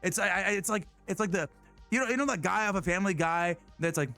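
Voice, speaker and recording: Young man, streamer, casual rambling storytelling, slightly high pitch, soft music behind. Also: quick pace. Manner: rambling, many restarts and laughs.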